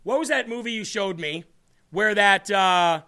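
A man's voice: high voice, measured pace, bright, forceful tone, clean tone. A man hosting a live political commentary stream, combative and scornful, talking to his co-host.

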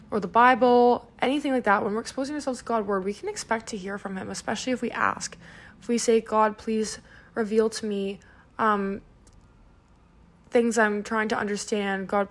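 A young woman hosts a devotional podcast in a casual, conversational tone. Her voice sits at a middle pitch with a touch of vocal fry. She drifts through her thoughts with frequent fillers. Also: a bit bright. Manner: chatty, many "um"s and "like"s. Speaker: podcast host.

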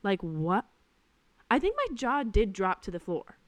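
A young woman hosting her own podcast, telling work stories in a casual, animated and exasperated way. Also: medium pitch, measured pace, dry recording. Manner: animated, exasperated, lots of fillers. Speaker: podcast host. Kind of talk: casual storytelling monologue.

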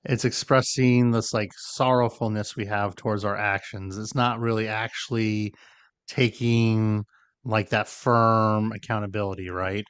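A man's voice: fairly low pitch, flat delivery, unhurried, a bit bright, clear, resonant tone, dry recording. A man co-hosting a podcast, explaining ideas in casual conversation and often checking in with "right?". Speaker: podcast co-host.

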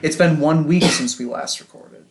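A man's voice: fairly high pitch, moderate pace. A man co-hosting a casual podcast chat, teasing his friends in a wry way. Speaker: podcast co-host.

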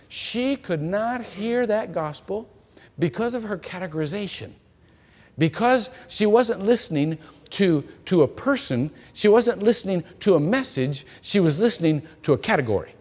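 Male pastor, sermon, storytelling, lively swinging pitch, long reverb of a church hall. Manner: storytelling, animated, repeats words.

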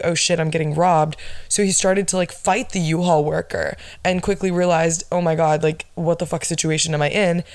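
A woman's voice: on the low side, a little mellow, no room sound. A woman, hosting a casual podcast and telling a story in a chatty, profane way full of "like". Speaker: podcast host. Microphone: phone with pop filter.

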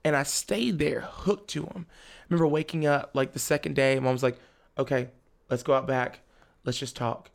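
Gravelly-voiced young man telling a story. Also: medium pitch, moderate pace. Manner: animated, acts out family members' lines; laughs often while talking. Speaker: podcast guest. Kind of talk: casual storytelling chat.

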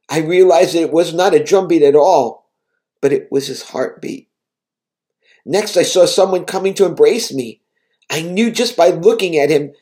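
Recounting a vision he had, this preacher urges his listeners on with earnest feeling in a devotional address. His voice is a little high with a dark tone.

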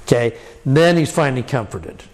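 A man giving an informal scripture lesson. He talks in an animated way, chuckles often, stresses key words with rising cries, and thinks aloud with fillers. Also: mid-range voice, a little fast. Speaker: scripture teacher.

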